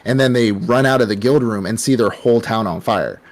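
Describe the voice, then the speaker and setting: A man's voice: on the low side, a little fast. A young man hosting a casual anime podcast, retelling a show in a rambling, profane way full of fillers. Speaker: podcast host.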